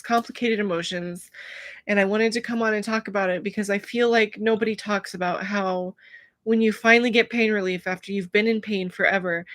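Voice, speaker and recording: A woman's voice: mid-range voice, fairly bright tone, no echo, studio quality. Emotional woman talking to camera. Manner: emotional, searching for words, many pauses and fillers. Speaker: vlogger. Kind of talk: personal vlog talking to camera.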